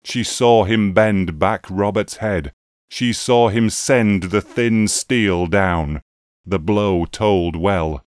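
A man recites a narrative poem in a measured, solemn way. His voice is low, and he takes his time over each line. The sound is close and dry, with no room echo. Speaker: reader. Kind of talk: narrative poetry reading.

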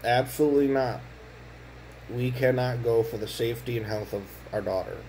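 A man's voice: mid-range voice, moderate pace, mellow, slight background noise, low-quality recording. A tired young man and father talking casually in a home vlog, weary and frustrated, often repeating words as he speaks. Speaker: vlogger, father.

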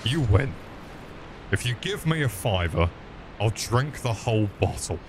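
A man's voice: lowish voice, big pitch swings, measured pace, noisy background. A man streaming a game, swearing often and joking with his chat. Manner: swearing, joking, chatting to viewers. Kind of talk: casual gaming commentary.

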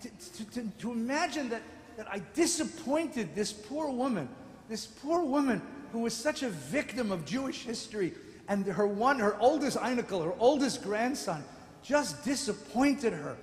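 A man giving a sermon-style lecture as a rabbi, telling stories and rising from quiet asides to shouted rebukes. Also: very high voice, very animated, normal speed. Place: synagogue sanctuary. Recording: echoey hall with long reverb.

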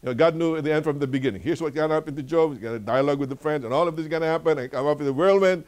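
An older man with a Filipino accent leading a church Bible lesson, telling stories with lively, preacherly repetition. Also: on the high side, rapid-fire, hardly any pauses. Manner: animated storytelling, laughs often. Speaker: Bible study teacher.

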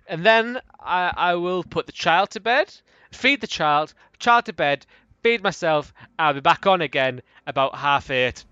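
A young man streaming a game with loud outbursts, swearing and snatches of sung pop songs. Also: a little high, expressive, unhurried, smooth, dry recording, dull audio. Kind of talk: casual gaming livestream chatter.

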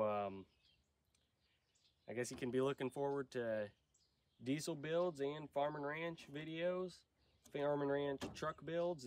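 A young man with a nasal voice from a cold, talking casually and rambling as host of a truck vlog. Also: mid-range voice. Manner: rambling, unscripted, many fillers. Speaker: channel host.

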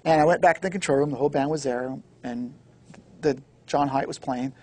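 A man being interviewed, telling a story in an animated way and acting out the dialogue. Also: mid-range voice. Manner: fast, excitable, acts out the dialogue. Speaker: guest recording engineer.

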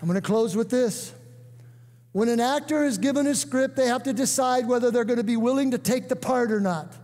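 An older man preaching a sermon, emphatic, breaking into shouts and calling on the congregation to answer. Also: very high voice, brisk. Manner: emphatic, bursts into shouts and calls for response. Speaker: guest preacher. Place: church sanctuary. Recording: echoey church hall.

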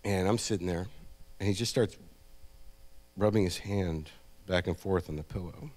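A man's voice: low-pitched, normal speed, a little mellow. Middle aged comic guy rambling thru a story on stage, dry wry delivery. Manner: wry, rambling, lots of "you know" and "like". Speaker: comedian. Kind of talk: live storytelling reading. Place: event stage.

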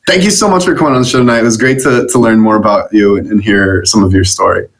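A man hosting a casual live-stream interview, playful and quick to laugh at himself, with frequent fillers. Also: lowish voice. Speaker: show host.

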